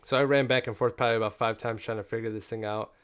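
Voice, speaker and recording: A young man recounts a mishap in loose, casual podcast chat. He swears freely and leans on "like" constantly. His pitch sits in an ordinary middle range. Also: racing, smooth. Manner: profane, animated storytelling with frequent "like" fillers.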